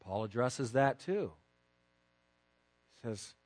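A man preaching a sermon to his congregation with emphatic stresses and quiet asides. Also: on the high side, lively intonation, normal speed, no room sound. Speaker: pastor.

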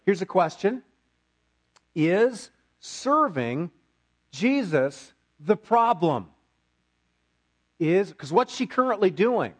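A man's voice: sits high, sing-song, slow, pauses often. A man preaching a sermon as pastor, repeating key phrases for emphasis.

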